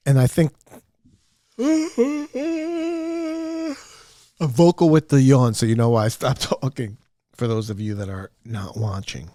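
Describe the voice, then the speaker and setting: A man's voice: lowish voice, darkish tone, no echo, clean studio sound. A man hosting his own podcast, talking alone in a candid, rambling, self-deprecating way with lots of fillers. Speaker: podcast host. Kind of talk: casual solo podcast monologue. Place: upstairs room at home.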